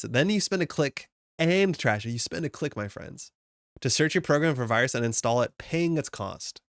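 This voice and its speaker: A young Canadian man from Alberta chats casually and thinks aloud while building a card game deck on a live stream, often laughing at himself. His mid-range voice shows vocal fry, recorded at studio quality with no room sound.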